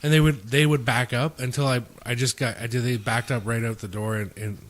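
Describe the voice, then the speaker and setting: A man's voice: medium pitch, fairly even intonation, brisk. A young man hosting a podcast, telling a long, profane bar story in casual chat and acting out what others said. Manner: rambling, profane, acts out quotes of others. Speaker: podcast host.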